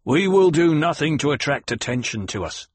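Man doing a shrewd smuggler boss, a touch higher than his narration, husky and dry. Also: lively intonation, moderate pace, dry recording. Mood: guarded. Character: shrewd cautious male smuggler chief.

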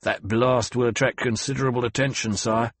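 A man voicing a loyal, gruff male swordmaster who talks in clipped, urgent bursts. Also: medium pitch, steady tone, a little fast, no echo.

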